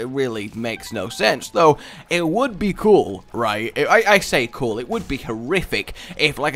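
A man's voice: medium pitch, a bit bright. A young man giving casual gameplay commentary as a video host, rambling playfully through silly tangents. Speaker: let's play host.

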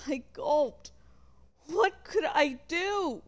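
A woman reading a novel aloud on a livestream, expressive, with chatty asides. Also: very high voice, drawn-out words. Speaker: reader of a book.

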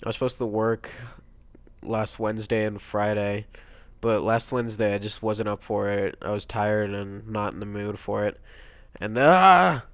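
A teenage boy with a stuffy nose from a cold, quietly rambling through casual gameplay commentary, breaking into excited yelps now and then. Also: fairly low pitch, dry recording. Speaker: let's play gamer.

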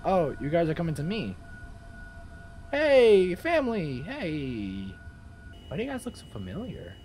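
Excitable young man yelling at a game. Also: a little high, moderate pace, over music. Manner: excitable, swears and yells when scared. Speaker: gaming video creator. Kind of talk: let's play commentary.

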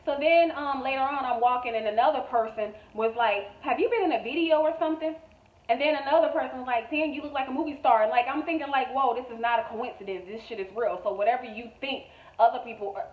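A woman's voice: high voice, distant mic. Woman with a thin, echoey phone-like sound. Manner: emphatic, repetitive, blunt and profane. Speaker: manifestation coach. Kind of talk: motivational vlog monologue.

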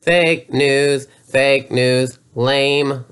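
A man delivering a mocking, profanity-laced comedy rant at an unhurried, dragging pace. His voice sits at an ordinary middle pitch, and his tone stays sneering and sarcastic as he jeers at everything. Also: steady tone, a bit bright, clear, resonant tone. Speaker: YouTuber.

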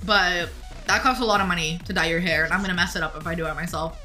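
A woman's voice: lowish voice, fairly even intonation, quick pace, pushed and bright, soft background music. A woman streaming a game live, chatting casually and answering her viewers' messages as they come in. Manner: chatty, reads chat aloud and answers viewers. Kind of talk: casual live-stream chat while gaming.

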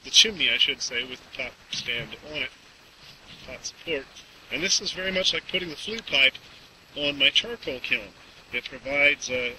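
A man's voice: mid-range voice, pushed and bright. Folksy man rambling outdoors, far off. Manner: folksy, rambling, with many fillers. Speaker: blacksmith demonstrating a camp stove. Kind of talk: casual outdoor demonstration. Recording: distant outdoor mic with background noise.

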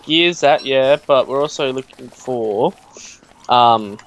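A young man co-hosting a let's play, chatting in an excitable way and laughing often, over a headset or desk mic. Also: mid-range voice, slow. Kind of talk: casual gaming chat.

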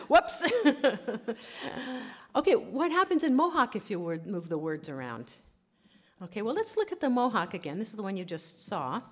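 Give me a woman linguist giving a lively talk, mid-pitched and chatty. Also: unhurried, long pauses. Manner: chatty, laughing often, peppers with "okay". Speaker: linguist giving a conference lecture. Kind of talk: lively lecture to an audience.

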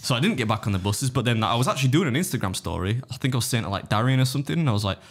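Fast-talking man telling stories. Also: medium pitch, animated, husky. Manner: rapid anecdotal storytelling, acting out others' quotes; swears freely. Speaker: podcast co-host and competitive eater. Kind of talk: casual podcast chat.

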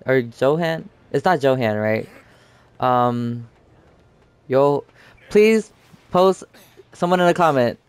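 A man's voice: medium pitch, smooth, no echo. Chatty young man rambling over gameplay. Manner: rambling, chatty, lots of fillers and restarts. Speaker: gaming YouTuber. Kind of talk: casual gameplay commentary.

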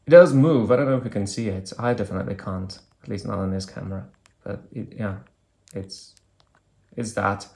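A man's voice: on the low side, vocal fry, a little mellow. A man reviewing an old phone, talking casually and thinking aloud with hesitant fillers as he clicks through menus. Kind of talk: casual hands-on product demo.

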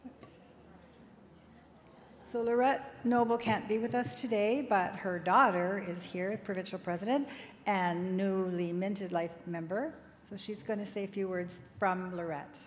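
A woman's voice: mid-range voice, steady tone, a little slow. A woman acting as master of ceremonies, casually introducing the next speakers. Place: large convention hall. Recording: echoey hall with background noise.

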